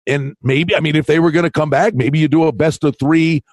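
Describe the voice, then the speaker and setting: A fairly high-voiced man co-hosting a sports betting podcast in casual chat. He talks in animated, quick bursts and often jumps in over his co-host. The sound is dry and close, with no room around it. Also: no room sound.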